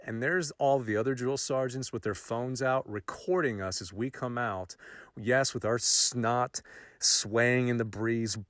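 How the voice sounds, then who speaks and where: Man storyteller, lively and self-mocking, dry close recording, average pitch. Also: no room sound. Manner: animated, self-mocking, rising excitement at key moments. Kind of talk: personal storytelling.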